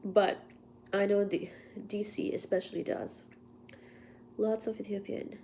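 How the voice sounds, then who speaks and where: A woman's voice: mid-range voice, steady tone, a little slow, vocal fry, dark tone, a little hiss or hum. A woman hosting a casual livestream while congested with a cold, chatty and laughing at herself between coughs. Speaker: livestream host.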